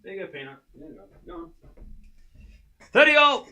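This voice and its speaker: A man hosting a live tennis watchalong stream, calling points quickly, chatting with viewers and groaning out loud when things go wrong. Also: on the high side, slight background noise. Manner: excitable, groans and cries out at points. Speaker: stream host.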